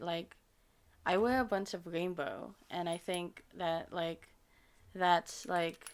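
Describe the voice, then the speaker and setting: Lisping American woman with a low-ish voice. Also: gravelly. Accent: American with a slight Filipino touch from her parents. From United States. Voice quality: lisp. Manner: rambling and hesitant, many ums and self-corrections. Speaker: ASMR creator. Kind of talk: casual Q&A reading viewer questions.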